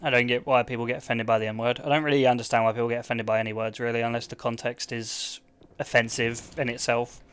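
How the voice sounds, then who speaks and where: A man's voice: medium pitch, little pitch movement, fast, clean tone. A young man chatting offhand to his stream while gaming, rambling and swearing, full of "like.". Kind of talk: casual livestream chat while gaming.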